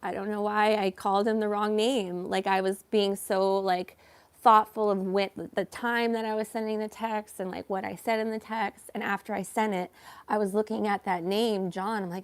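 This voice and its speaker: A woman telling a personal story in a casual vlog, slow and hesitant, with many fillers and some self-reproach. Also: mid-range voice, level tone, clean tone, dry recording. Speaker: vlogger.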